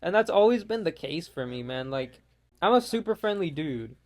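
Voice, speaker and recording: A man's voice: a little high, big pitch swings, normal speed, darkish tone. A young man ranting casually with lots of swearing while commenting over his gameplay. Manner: profane, exasperated ranting. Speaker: gaming YouTuber.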